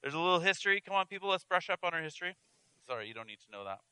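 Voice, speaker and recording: A man as pastor preaches an earnest, conversational sermon, often restarting and adding asides. His voice is high, very bright and smooth. It is recorded close with no room echo. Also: big pitch swings, rapid-fire.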